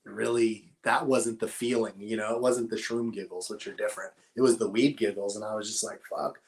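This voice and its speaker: A man's voice: on the low side, flat delivery, brisk. A middle-aged man, telling stories in a laid-back, rambling, profane way as a podcast guest. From Northern California. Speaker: podcast guest, cannabis grower. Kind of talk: casual conversational storytelling.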